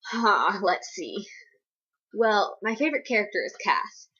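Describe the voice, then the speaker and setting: This young woman, an East Coast American, takes her time answering viewer questions on a relaxed vlog, her mid-range voice sharp in tone yet slightly breathy and husky, with lively intonation. She meanders, fills gaps with "like," and gets self-deprecating. The home audio is muffled and lo-fi.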